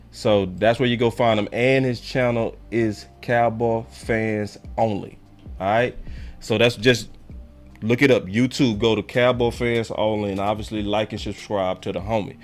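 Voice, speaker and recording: A man hosting a live call-in fan show, talking in a loose, slangy way and pressing viewers to hit like. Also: fairly low pitch. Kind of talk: casual live-stream chat.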